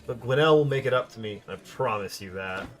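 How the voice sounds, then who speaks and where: A man's voice: mid-range voice, fairly quick, lightly acted. A man voicing a wounded, money-minded adventurer who hires help for a contract, reading game dialogue aloud. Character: scheming old adventurer, injured, money-minded.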